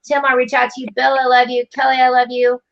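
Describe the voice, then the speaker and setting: A woman hosting a casual video-call livestream from her home office, bubbly and affectionate with quick asides. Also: high-pitched, monotone, gravelly, dull audio. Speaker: host.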